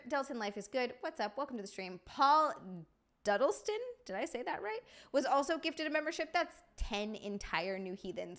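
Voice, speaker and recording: A woman's voice: fairly high pitch, fairly bright tone. Chatty, foul-mouthed young woman streamer. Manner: chatty, swears freely, reads out viewer names. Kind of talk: casual live-stream chat.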